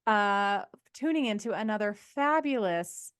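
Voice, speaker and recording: A woman co-hosting a podcast in casual chat, enthusiastic and warm toward her co-host, closing out the episode. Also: medium pitch, animated, unhurried, no room sound, clean studio sound. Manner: enthusiastic, wraps up the show with plugs.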